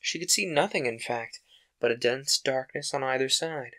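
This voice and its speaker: A man host reading a classic children's book aloud in a calm, steady narration. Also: medium pitch, normal speed. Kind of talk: audiobook-style narration.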